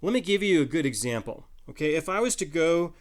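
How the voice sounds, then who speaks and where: A man's voice: fairly high pitch, expressive, a little fast. A man preaching a Bible teaching, talking loosely with many restarts and little laughs at his own jokes. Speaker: pastor. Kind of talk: sermon.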